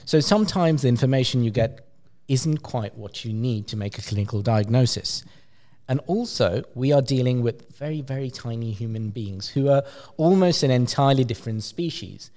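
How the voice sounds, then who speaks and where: A man, a pediatric clinician, explaining a research paper in a journal club discussion with lively emphasis and frequent fillers. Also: medium pitch, moderate pace.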